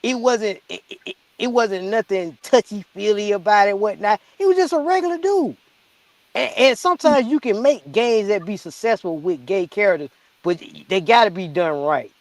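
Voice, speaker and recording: A man co-hosting a podcast in casual chat, animated and repeating words as he gets going. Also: high-pitched, moderate pace, no room sound. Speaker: podcast co-host.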